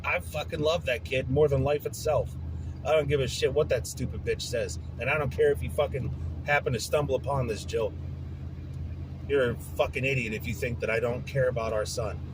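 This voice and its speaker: A man's voice: medium pitch, steady tone, a little fast, noisy background. A man hosting his own podcast, venting in a frustrated, profane casual rant. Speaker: podcast host. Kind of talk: casual ranting monologue.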